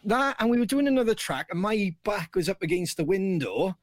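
A man's voice: high-pitched, brisk, no room sound. A man hosting a casual chat and telling stories full of swearing and laughter. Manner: animated, laughing, heavy swearing. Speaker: podcast host.

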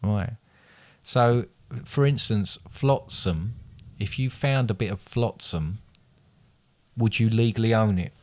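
A man's voice: fairly low pitch, takes it slowly. A man hosting a casual quiz, reading out multiple-choice questions and teasing his guest. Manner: teasing, reads questions aloud with restarts. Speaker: quiz host.

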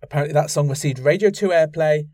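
A man's voice: a little high, fast talker, loud music behind the voice. Wry man hosting a podcast. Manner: wry, self-mocking asides. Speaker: podcast host. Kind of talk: chart countdown commentary.

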